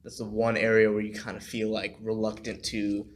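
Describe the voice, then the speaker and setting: A man's voice: lowish voice, completely flat delivery, moderate pace, a little hiss or hum. A man hosting a podcast who speaks in a reflective, hesitant way, often restarting his sentences. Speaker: podcast host. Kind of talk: casual podcast chat.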